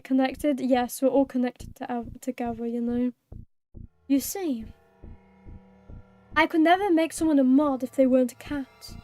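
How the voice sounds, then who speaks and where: A woman with a high-pitched, darkish voice live-streams a game, chatting playfully with her viewers. She thanks them and meows like a cat.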